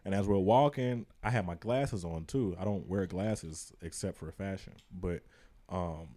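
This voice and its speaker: A podcast host telling a story in casual chat, swearing freely and acting out the people in it. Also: male voice, deep voice, a little slow. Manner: animated storyteller, swears freely, acts out voices.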